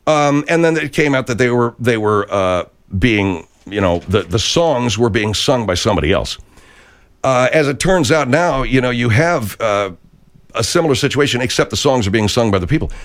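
A man's voice: mid-range voice, expressive, normal speed. A man hosting a radio comedy talk show, hesitant and often exasperated. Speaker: host.

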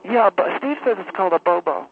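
A man voicing a pompous, self-important homeowners association president who talks in a halting monotone full of uhs, heard over a phone line. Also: high voice, a crowd in the background, voice pushed up. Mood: smug. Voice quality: monotone droning. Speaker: caller.

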